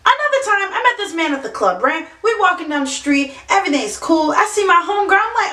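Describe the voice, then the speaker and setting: A woman vlogger telling funny dating stories in a sassy, animated way, with many asides. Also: very high voice, quick pace, few pauses, noisy background. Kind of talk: comedic storytelling to camera. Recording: echoey room, mic at a distance.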